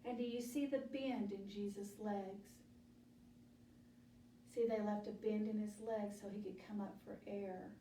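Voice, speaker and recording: A woman teaching a children's Bible study, telling the story slowly and deliberately and asking the children questions. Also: mid-range voice, steady tone, mellow, a little hiss or hum. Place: church room. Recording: echoey room, mic at a distance.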